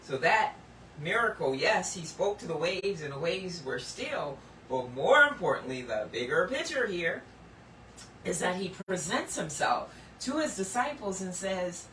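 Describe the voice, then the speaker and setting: A woman giving sermon-style Bible teaching, earnest and emphatic, lifting some lines high and dropping others low and hushed. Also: big pitch swings, unhurried, roomy sound, distant mic, slight background noise, poor audio.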